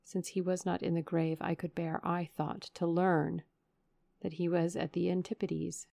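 A woman narrating a classic novel in a measured, expressive reading into a studio microphone. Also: on the low side, creaky, no room sound. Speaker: audiobook narrator. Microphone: USB studio microphone.

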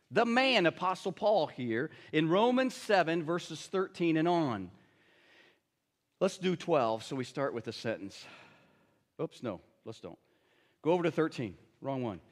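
A man preaching in a church hall, his voice sitting high and trailing off in a long reverb. He moves between reading scripture aloud and chatting directly with the congregation, often asking them whether they follow. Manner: conversational, addresses congregation with tag questions.

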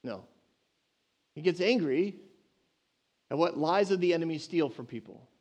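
A man preaching a sermon in an animated, emphatic way that surges loud with passion. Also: a little high, a little slow.

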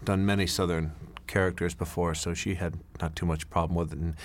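Middle-aged man, very low voice, rambling director's commentary with lots of uhs and restarts. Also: steady tone, brisk, a little hiss or hum. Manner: rambling, anecdotal, many fillers and restarts. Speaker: film director. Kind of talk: DVD commentary.

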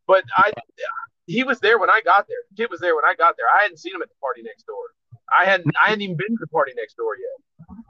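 Guy rambling through a cursing story on a podcast, kinda high voice, dry muffled audio. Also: lively intonation, fast, husky, no room sound. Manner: loose, profane, rambling storyteller. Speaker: podcast guest. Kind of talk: casual storytelling chat. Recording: dull lo-fi dry sound.

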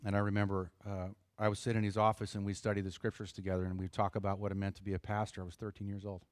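A middle-aged man preaching a sermon in an earnest, conversational way, pausing for emphasis. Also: on the low side, monotone, no room sound, studio quality. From United States. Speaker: pastor.

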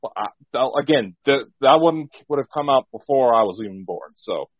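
An American man in his twenties chatting on a podcast, with quick joking asides and crude humor. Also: mid-range voice, animated, no room sound. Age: 20s. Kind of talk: casual chat. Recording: dull lo-fi sound.

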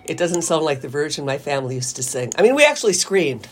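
A woman's voice: sits low, sing-song, fast talker, husky. A woman co-hosting a radio talk show, chatting casually, teasing and laughing often. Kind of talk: casual on-air banter.

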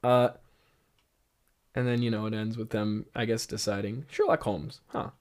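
A man's voice: on the low side, level tone, normal speed, darkish tone, smooth. A man hosting a comedy show, stammering and laughing as he reads and mocks his own old script. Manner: incredulous, laughing, stammering restarts. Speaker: host.

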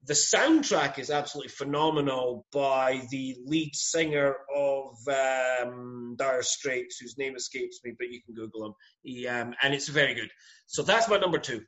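A man's voice: medium pitch, normal speed, a bit bright, highs cut off. A Scottish man in casual conversation, recommending films emphatically and often calling the listener "mate". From Scotland. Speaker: podcast guest recommending films. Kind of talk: casual chat.

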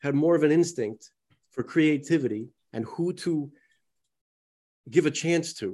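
A man on the high side of the pitch range co-hosts a laid-back podcast chat at a measured, mellow pace. His talk is rambling yet emphatic, marked by a slight lisp, and he calls the audience "folks."

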